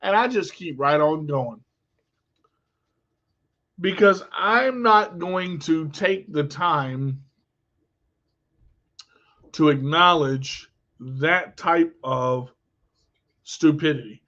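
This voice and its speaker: A man's voice: on the high side, drawn-out words, pauses often, sharp tone, dull audio. A man vlogging in a candid, blunt monologue, telling personal stories with emphasis.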